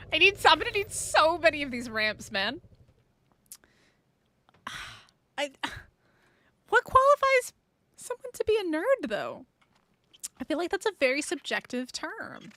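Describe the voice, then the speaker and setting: A woman's voice: high voice, big pitch swings, measured pace, pauses often, bright, forceful tone, no echo. A woman streaming a survival game, chatting playfully with her viewers and laughing often. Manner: playful, giggly, chats with viewers. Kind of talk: casual live-stream chat.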